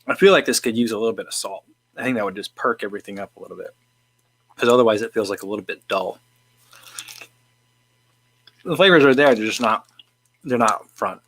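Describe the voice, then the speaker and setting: A man's voice: lowish voice, brisk, long pauses, fairly bright tone, a little hiss or hum. A man hosting a casual livestream, rambling with lots of fillers and restarts while he eats and answers viewer questions. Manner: eating while talking. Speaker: livestream host.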